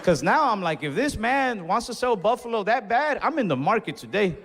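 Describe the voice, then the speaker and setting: A man's voice: high voice, very animated, brisk, creaky, a bit bright. A man doing stand-up comedy, telling a story in a casual, profane, exasperated way on a club stage. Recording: reverberant venue with faint audience noise.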